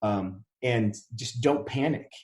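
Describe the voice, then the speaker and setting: Taking it slowly in a darkish, medium-pitched voice, a real estate investor from Wisconsin tells his story on a podcast recorded in Dallas, Texas. He acts out the quoted dialogue in this casual interview, and the recording echoes roomily.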